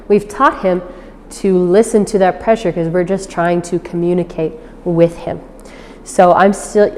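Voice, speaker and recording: Woman dog trainer, mellow voice, patient teaching tone, some room reverb. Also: a little hiss or hum. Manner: explains patiently, then switches to high-pitched praise for the dog. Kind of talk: instructional demonstration. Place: outdoors.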